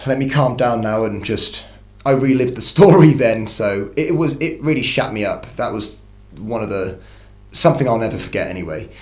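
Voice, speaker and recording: A man's voice: mid-range voice, lively intonation, moderate pace, a little mellow, roomy sound, faint music behind. A man telling a first-person story in a casual, rambling way, full of restarts and swearing. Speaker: channel host telling an encounter story.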